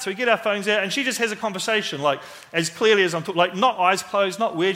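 Casting note: New Zealand preacher, chatty and animated, bright tone. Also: male voice, sits high, fast, few pauses. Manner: conversational, animated, acts out quoted voices. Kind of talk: sermon storytelling.

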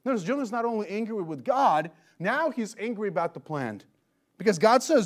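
A man delivering an expository sermon in a high voice. He is animated and emphatic, pressing his listeners with rhetorical questions. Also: moderate pace. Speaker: preacher.

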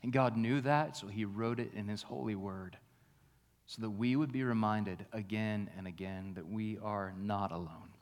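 A pastor preaching a sermon, shifting between hushed, slow reflection and raised, emphatic passages. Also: male voice, on the low side, steady tone. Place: church.

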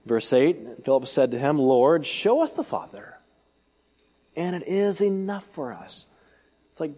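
A man preaching an expository sermon, emphatic, asking rhetorical questions and swinging between loud and soft delivery. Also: on the high side, expressive, a little slow, long pauses, long reverb tail. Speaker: pastor.

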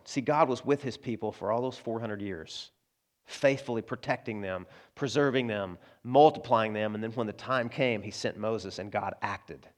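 A man's voice: on the low side, normal speed. Conversational preaching man. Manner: conversational preaching, asides to the congregation, frequent restarts; acts out quoted voices in prayer and dialogue. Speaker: pastor. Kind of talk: sermon.

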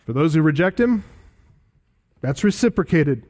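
High-voiced emphatic male preacher. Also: big pitch swings, normal speed. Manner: emphatic, swinging between loud rises and low drops. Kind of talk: sermon.

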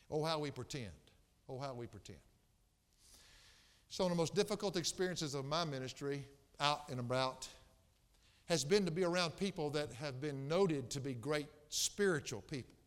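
A man preaching a sermon as pastor, swinging from soft, low passages to loud, impassioned outbursts. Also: in a large hall.

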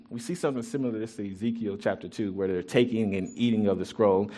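A pastor preaching a sermon in an animated, conversational way, mixing Bible reading with personal stories. He often restarts his sentences, and his loudness jumps suddenly. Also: on the low side, quick pace, few pauses. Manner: conversational and joking with the congregation. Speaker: pastor and youth track coach.

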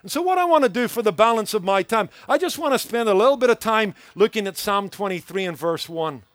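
A man's voice: high voice, lively intonation, fairly quick, no room sound, clean studio sound. A man preaching a sermon as pastor, earnest and emphatic, building points through rhythmic repetition.

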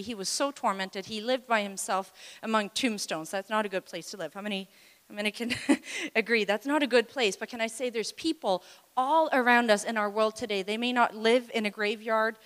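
A woman preaching a sermon, lively and animated, acting out the voices of people in her stories and laughing between points. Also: medium pitch. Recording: long hall reverb.

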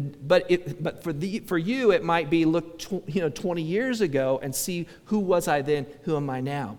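Male pastor, fairly high voice, chatty sermon delivery with acted-out quotes, church-hall reverb. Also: darkish tone. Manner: conversational preaching, acts out quoted voices, frequent restarts.

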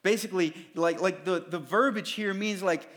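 A man preaches to his congregation in a relaxed, conversational way. His voice sits a little high for a man. He keeps slipping into the voices of the people in his story. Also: moderate pace. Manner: casual, conversational preaching that acts out quoted voices. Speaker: pastor. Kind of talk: sermon.

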